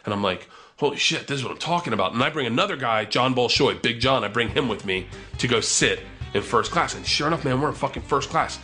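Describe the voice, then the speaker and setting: A man in his thirties tells a comic story in a bright, forceful voice. He is animated and profane and acts out every quote. Soft music plays faintly behind him. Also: medium pitch, quick pace.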